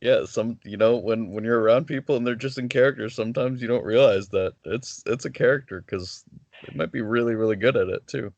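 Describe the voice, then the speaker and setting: A man's voice: medium pitch, a little fast, darkish tone, no room sound, highs cut off. A man talking casually as a guest over a video call, hesitant with many restarts. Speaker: wrestler guest. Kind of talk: casual interview chat.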